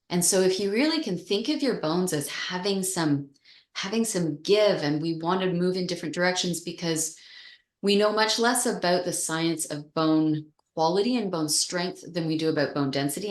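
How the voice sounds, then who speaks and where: A woman's voice: lowish voice, roomy sound. A woman teacher explaining bone health in an interview, thoughtful and searching for words with frequent restarts. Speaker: osteoporosis exercise teacher.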